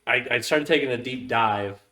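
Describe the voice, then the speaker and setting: A man's voice: mid-range voice, moderate pace, pushed and bright. A man hosting a podcast in casual chat, meandering through a news story in a laid-back way. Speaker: podcast host.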